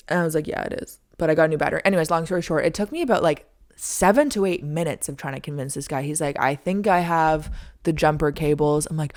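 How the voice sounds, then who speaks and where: A young woman in her twenties hosting a podcast, telling a story in a casual, animated way with lots of "like". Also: quick pace. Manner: animated, frequent "like", acts out her own lines in a high squeaky voice. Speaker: podcast host.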